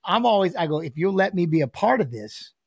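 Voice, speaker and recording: A man's voice: high voice, sing-song, a little fast, slightly rough, dry recording, studio quality. A middle-aged man, a guest and volunteer coach, telling stories in casual chat and acting out quotes. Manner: storytelling, acts out quotes of his son and himself. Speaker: guest, former fighter; volunteer high school coach.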